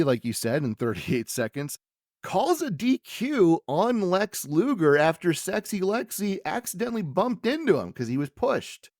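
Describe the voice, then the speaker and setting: A man co-hosting a casual podcast, recapping wrestling with an animated, laughing manner. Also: medium pitch, no room sound, clean studio sound. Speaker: podcast co-host.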